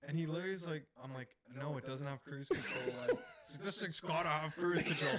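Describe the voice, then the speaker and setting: A man from Canada co-hosting a podcast, casually telling a swearing, animated story and acting out his friend's lines. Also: fairly high pitch, fast talker, few pauses, very noisy. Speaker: podcast co-host. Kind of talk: casual chat.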